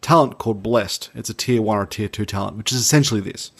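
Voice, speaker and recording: A man co-hosting a gaming podcast as a game master, giving relaxed, rambling explanations. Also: lowish voice, quick pace, gravelly. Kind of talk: casual podcast chat.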